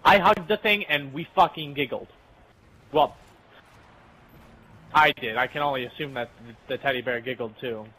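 A young man who hosts a channel rambles through a profane story while gaming with friends. His mid-range voice is sharp, at normal speed with long pauses, and the audio quality is poor.

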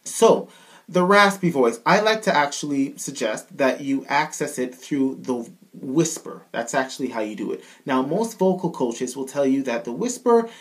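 A man's voice: medium pitch, expressive, normal speed, a bit bright. A man with a Canadian accent giving a casual singing lesson as a vocal coach, often checking in with the listener. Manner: casual, keeps checking in with "all right?".

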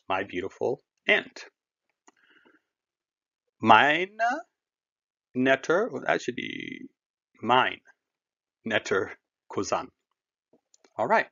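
A man teaching a German lesson to learners, explaining words slowly and patiently in a friendly, encouraging way. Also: mid-range voice, sing-song, vocal fry, bright, forceful tone, dull audio. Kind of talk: recorded language lesson.

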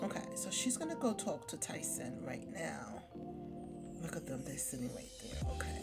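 A woman chatting her way through a life-sim let's play, animated and quick to laugh. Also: deep voice, gravelly, over loud music. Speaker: gaming YouTuber. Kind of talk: casual let's play commentary.

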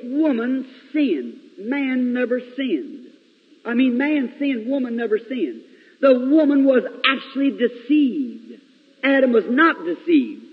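A man preaching a sermon in a large church, storytelling dramatically with sudden swings between loud and hushed delivery. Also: very high-pitched, breathy edge. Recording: lo-fi 1950s reel recording, long hall reverb.

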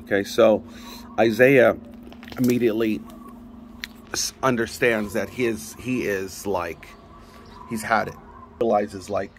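A man with a somewhat low voice leads a relaxed Bible study. He talks in a loose, conversational way, often restarting his sentences. A faint background noise sits under his voice. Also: slow, pauses often. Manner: conversational and rambling, with frequent restarts. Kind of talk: casual Bible study teaching.

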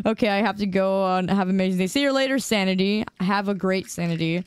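Smooth-voiced young woman streamer rambling. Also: mid-range voice, dry recording. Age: 20s. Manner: playfully defensive, rambling with halting restarts. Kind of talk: casual livestream chat with viewers.

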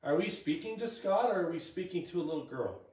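Ghost-hunting vlogger, a man calling out questions to spirits, slightly high voice, recorded from a distance in an echoey old room. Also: animated, a little fast, darkish tone. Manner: asks questions aloud to spirits. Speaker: paranormal investigator. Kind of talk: ghost-hunting vlog chatter. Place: rooms of an old building under renovation.

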